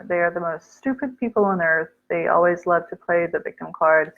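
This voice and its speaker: An American woman speaks casually on a livestream, reading viewer comments and answering them, often slipping in Urdu words. Her voice sits a little low, and the recording is somewhat muffled and lo-fi. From United States. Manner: chatty, reads comments aloud, mixes in Urdu words.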